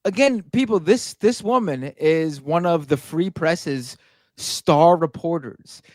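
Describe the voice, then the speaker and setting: A podcast co-host talking casually, animated and ranting, with lots of fillers and restarts. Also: mid-range voice, slow, no room sound.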